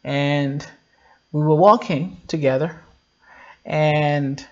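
A man in his thirties giving a simple, repetitive children's sermon, asking questions and answering them himself. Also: on the high side. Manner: slow, repetitive, animated with call-and-response questions. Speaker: children's pastor. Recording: dull lo-fi sound.

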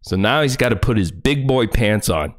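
A man's voice: lowish voice, animated, moderate pace. A man livestreaming, ranting furiously and confrontationally, full of profanity. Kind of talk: angry livestream rant.

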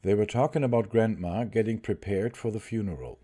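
Low, mellow-voiced man streaming a game. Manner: reads haltingly, restarts and rereads lines, chats with viewers in between. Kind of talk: live game commentary, reading on-screen text aloud.

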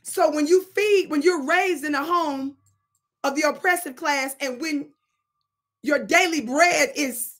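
Woman channel host, high voice, animated and preachy storytelling. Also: measured pace. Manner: animated and preachy, plays with words. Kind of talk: storytelling commentary monologue.

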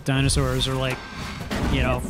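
A man's voice: medium pitch, completely flat delivery, normal speed, music in the background. A man chatting casually about a video game, hesitant and full of fillers, with dry humor. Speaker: let's play co-host. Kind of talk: casual gaming chat.

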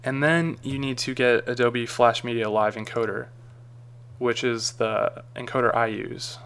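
A man talking through a screen-recorded software tutorial in a casual, rambling way with frequent ums and uhs. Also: mid-range voice, steady tone, unhurried, creaky, clear, resonant tone. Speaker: tutorial maker.

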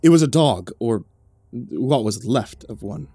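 A man reading a horror story aloud in steady, dramatic scripted narration. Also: mid-range voice, measured pace, husky, dry recording.

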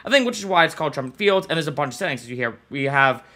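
A man hosts a casual plugin review show, chatting informally with fillers while he demonstrates sounds. His voice is on the high side, expressive, pushed and bright, and very fast, with trumpet music playing behind it.

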